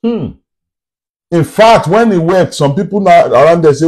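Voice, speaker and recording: A man's voice: fairly high pitch, lively intonation, moderate pace, a little mellow. A man preaching a sermon, emphatic and fond of repeated rhetorical questions.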